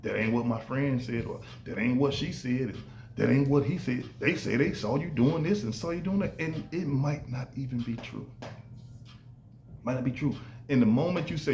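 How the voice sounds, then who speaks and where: Animated man in an echoey room. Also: medium pitch, moderate pace, slight background noise. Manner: animated, acts out quoted voices. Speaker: podcast host. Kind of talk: casual podcast monologue. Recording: echoey room with faint ambience.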